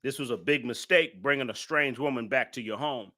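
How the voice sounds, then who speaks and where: A man talks through a live-stream commentary in a bright, forceful voice. He is emphatic, hammers his points again and again, and fires off indignant rhetorical questions. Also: medium pitch, fairly quick.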